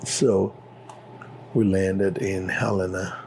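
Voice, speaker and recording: A man's voice: sits low, level tone, slow pace, vocal fry, darkish tone, a little hiss or hum, rough recording. A middle-aged man with a Liberian accent telling his story as an interview guest, acting out the dialogue with animation. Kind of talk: personal storytelling.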